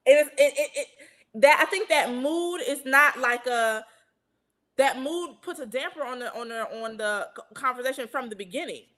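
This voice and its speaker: A woman's voice: high-pitched, lively intonation, moderate pace, sharp tone. A woman co-hosting a casual podcast chat, talking earnestly and emphatically and often checking that listeners follow her. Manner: earnest, emphatic, often asks "you understand what I'm saying?". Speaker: podcast co-host.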